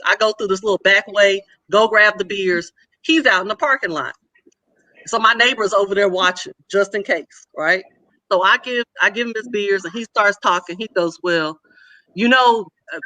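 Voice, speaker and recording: A woman on a podcast telling a comic story in casual chat, blunt and lively, acting out the other people's lines. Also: medium pitch, dry recording. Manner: animated, acts out quoted voices. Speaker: podcast co-host.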